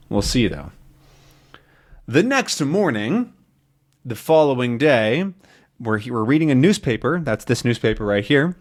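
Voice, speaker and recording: A man's voice: medium pitch, unhurried, long pauses. A man who is an English teacher, explaining a comic for learners and often rephrasing his words. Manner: animated, repeats and rephrases.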